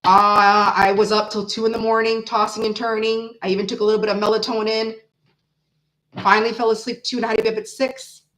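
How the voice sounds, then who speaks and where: A woman in her forties hosting a casual tarot livestream, chatting with viewers in an animated, blunt way, swearing freely and laughing often. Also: fairly high pitch, a little fast, low-quality recording. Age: 40s. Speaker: tarot reader host.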